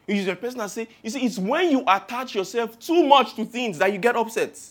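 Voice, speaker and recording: High-voiced Nigerian preacher. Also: male voice, animated, a little fast. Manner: humorous, rhetorical, piles up long spoken lists. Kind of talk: sermon.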